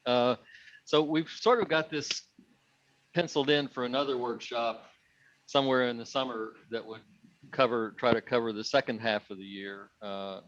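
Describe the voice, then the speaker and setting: A man's voice: mid-range voice, fairly even intonation, normal speed, fairly bright tone, slight background noise. A man organizing a photo workshop, thinking aloud in a casual group discussion with plenty of fillers and restarts. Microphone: video call. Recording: dull lo-fi video call audio.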